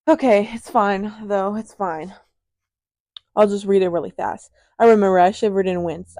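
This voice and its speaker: A woman's voice: medium pitch, steady tone, moderate pace, a little mellow, dry recording. A young woman casually reading a novel aloud as an amateur audiobook, stumbling over words and stopping for chatty asides.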